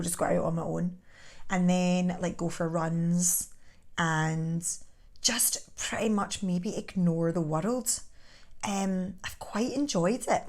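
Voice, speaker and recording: A woman's voice: lowish voice, a little mellow. A woman, chatting casually to camera as a vlogger, rambling and laughing often. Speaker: vlogger host.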